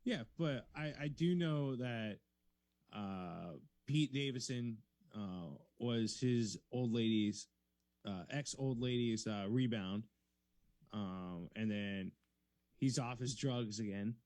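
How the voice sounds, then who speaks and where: A man's voice: mid-range voice, slow pace, a little mellow, no echo. A man co-hosting a comedy podcast, talking in casual chat, rambling and laid-back with many fillers. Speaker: podcast co-host.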